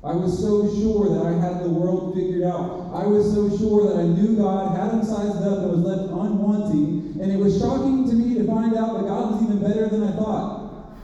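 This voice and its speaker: A man preaches from his own experience, earnest and confessional, with flashes of self-mocking humor. His voice is very dark and mellow and sits slightly high for a man. It reaches the mic dull and from far off, with a long echo in a large hall. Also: steady tone, normal speed. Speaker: speaker at a campus ministry. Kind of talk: sermon with personal story.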